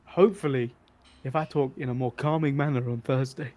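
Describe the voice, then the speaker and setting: An English man co-hosting a casual podcast, teasing his co-host with deadpan jokes. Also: mid-range voice, brisk. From England. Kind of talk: casual wrestling podcast chat.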